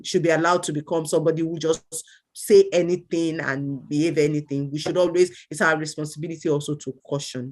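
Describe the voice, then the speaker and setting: A woman's voice: low-pitched, darkish tone. A woman co-hosting an online discussion who speaks earnestly and urges the listeners to act. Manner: earnest, urging, with many listening hums. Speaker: co-host.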